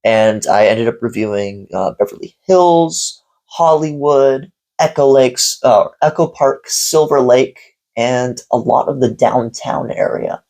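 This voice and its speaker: Gravelly, candid male vlogger. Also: medium pitch, a little slow, a little mellow, poor audio. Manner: candid, profane, rambling. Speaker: coffee reviewer vlogger. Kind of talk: casual storytelling vlog.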